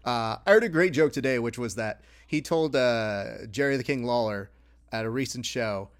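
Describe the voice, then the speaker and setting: A man's voice: mid-range voice, normal speed, no room sound. Joking podcast host guy, dry close sound. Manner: joking, wry. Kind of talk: casual chat.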